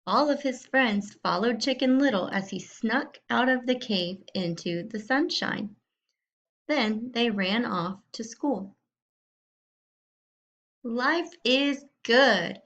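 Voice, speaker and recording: A woman teacher reading a storybook aloud to young students in a slow, clear way. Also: fairly high pitch, a bit bright, lo-fi sound.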